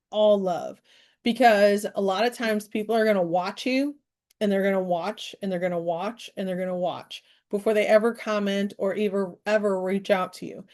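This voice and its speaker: A woman hosts a live-stream business training. Her pitch sits mid-range for a woman. She talks in a chatty, animated way, full of fillers. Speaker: network marketing trainer.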